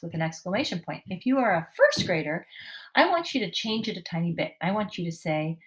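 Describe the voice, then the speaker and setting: A woman leads a writing lesson for young schoolchildren, with a voice that sits a little low. She speaks slowly and clearly, sounding out each word and keeping the tone encouraging. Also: big pitch swings. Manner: slow, clear, encouraging teacher voice, sounding out words. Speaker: teacher. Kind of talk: classroom lesson for young children.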